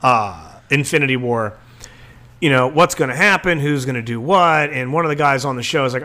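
On a podcast, a male co-host laughs and curses through crude anecdotes in casual banter. He speaks briskly in a mid-range voice with a sharp tone.

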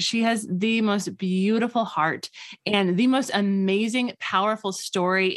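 A young woman hosting a faith podcast, chatting in a gushing, enthusiastic way into a close mic. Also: mid-range voice. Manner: gushing, enthusiastic, warm-hearted. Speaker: podcast host.

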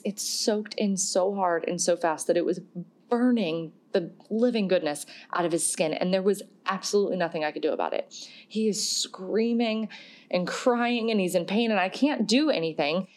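A woman's voice: medium pitch, darkish tone. A woman in her thirties hosting a podcast, telling a story in a chatty, self-deprecating way and laughing often. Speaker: podcast host. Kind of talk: casual storytelling.

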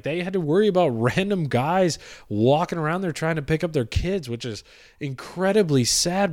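A man's voice: a little high, dry recording, studio quality. A young man telling a casual personal story in a rambling way, with plenty of fillers and the odd swear word. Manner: rambling, many fillers, swears, laughs at himself.

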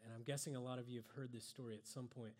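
A man's voice: mid-range voice, fairly even intonation, racing, darkish tone. A man giving a conversational sermon, drawing on a board and joking at himself as he goes. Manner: conversational, self-deprecating with laughs. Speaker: preacher.

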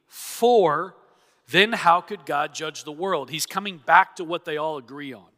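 A man's voice: a little high, a little slow, sharp tone. A man preaching an expository sermon, earnest and emphatic, acting out the objections he quotes. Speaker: pastor. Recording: long reverb of a church hall.

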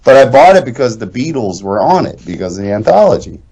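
This is a middle-aged man in casual podcast chat, telling a long story with plenty of swearing. His pitch rises and falls a great deal as he acts out the people he quotes, and his voice sits in the middle range. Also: big pitch swings, fast, dark tone, poor audio. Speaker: podcast co-host.

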